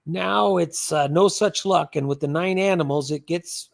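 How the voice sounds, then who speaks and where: A man's voice: on the high side, a little slow, vocal fry. An older man hosting a livestream, chatting casually and rambling as he reads out viewer comments. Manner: chatty, rambling, repeats words. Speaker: livestream host.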